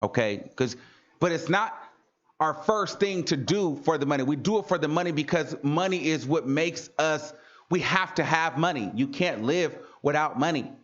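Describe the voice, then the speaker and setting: A man's voice: a little high, animated, normal speed, a bit bright, highs cut off. A man hosting a livestream talk show, speaking in an earnest, preachy way and repeating lines for emphasis. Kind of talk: casual motivational livestream talk.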